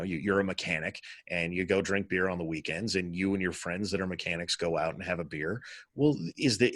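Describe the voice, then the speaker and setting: Low-voiced man reasoning calmly. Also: breathy edge, no echo, clean studio sound. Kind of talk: casual political chat.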